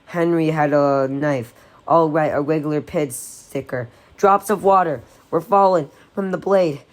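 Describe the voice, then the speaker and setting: A woman reads a novel aloud in a low-pitched voice. Her delivery is unpolished, with small slips she stops to correct. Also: unhurried. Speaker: audiobook reader.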